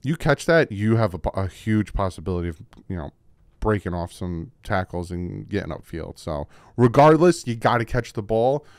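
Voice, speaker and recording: Emphatic low-voiced man breaking down game film. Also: normal speed, clean tone, no echo, studio quality. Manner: emphatic, repeats points, voice jumps when excited. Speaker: football film-study host. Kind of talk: casual film-breakdown commentary. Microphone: desk microphone.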